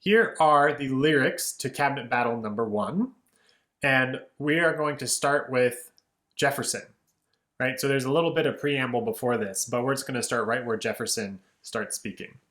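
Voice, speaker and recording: A man teaching a casual lesson on song lyrics, relaxed and explanatory, often asking "right?" and speaking lines in rhythm. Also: mid-range voice, moderate pace, echoey room. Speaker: music educator.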